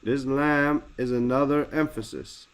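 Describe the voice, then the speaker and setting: A man leads a lesson on a religious text. He explains it word by word and slows down to stress each key term. His voice sits at an ordinary middle pitch. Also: steady tone, clean tone. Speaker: teacher.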